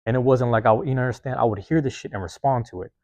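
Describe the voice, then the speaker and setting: In a mid-range, slightly mellow voice, a man races through a casual podcast monologue, recorded with no room sound. He's the host, profane and rambling in streetwise talk, self-reflective and constantly checking in with listeners.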